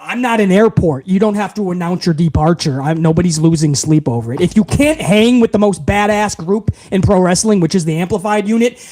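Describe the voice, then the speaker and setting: A man's voice: sits high, expressive, normal speed, darkish tone. A man hosting a wrestling livestream, thanking viewers in a hyped, profane, rambling way. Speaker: host.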